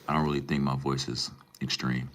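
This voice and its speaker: Young male streamer, extremely deep voice, relaxed slang-heavy banter with chat. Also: brisk. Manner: laid-back, slangy, calls viewers man and bro. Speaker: live streamer reading chat. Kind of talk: casual live-stream chat.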